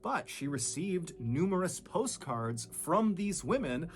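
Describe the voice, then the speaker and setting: A man narrating a true crime story with dramatic shifts in pitch and loudness. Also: very animated, slow pace.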